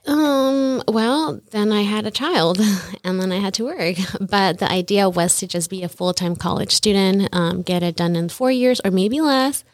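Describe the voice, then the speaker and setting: A woman's voice: medium pitch, unhurried, dry recording, studio quality. A young woman as an interview guest, telling her story casually and often acting out quotes with lots of "like". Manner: chatty, often says "like" and acts out quotes.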